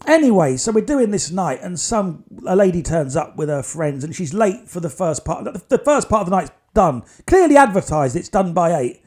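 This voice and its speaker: A man's voice: sits high, very animated, normal speed, few pauses, darkish tone. A man hosting a podcast, telling stories in a chatty, digressive way with wry asides. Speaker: podcast host. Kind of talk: casual podcast storytelling.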